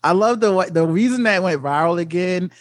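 A man with a noticeably high voice chats on a podcast, animated and laughing often. He slips into playful voices when quoting people. The sound is dry and close. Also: a little fast, no echo. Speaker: podcast co-host. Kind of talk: casual chat.

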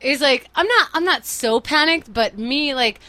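A woman's voice: high-pitched, lively intonation, normal speed, bright, forceful tone, dry recording. A woman guest on a talk show, chatty and self-mocking as she tells a story. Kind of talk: casual storytelling.

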